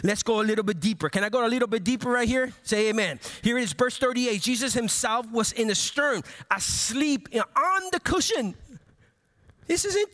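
A man preaching a sermon as pastor, animated, with many repeated phrases and call-and-response to the congregation. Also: extremely high pitch. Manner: animated, playful asides to the congregation.

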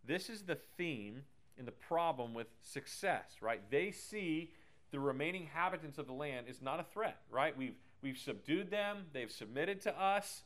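A man teaching a lively Bible lesson who keeps checking in with the class and retells scripture in casual slang. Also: a little high, moderate pace. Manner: chatty, keeps asking "right?", paraphrases scripture in slang.

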